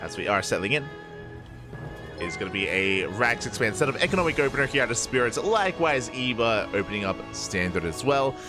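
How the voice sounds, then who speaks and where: Over music, a weary male esports caster covers a live game late at night, talking a little fast in an expressive mid-range voice. His words slur slightly as he chats away, hyping things up with repeated catchphrases.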